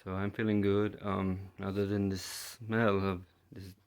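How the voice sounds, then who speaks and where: A man's voice: sits low, little pitch movement, a little slow, darkish tone, clean tone. A man from London, telling a personal story in a hesitant way, full of fillers and restarts. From London, England. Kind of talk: first-person storytelling monologue.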